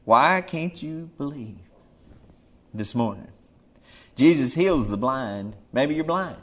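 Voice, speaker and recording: A man's voice: mid-range voice, expressive, slow. Urgent, emphatic male preacher. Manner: emphatic, swings between soft murmurs and loud urgent calls. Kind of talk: sermon.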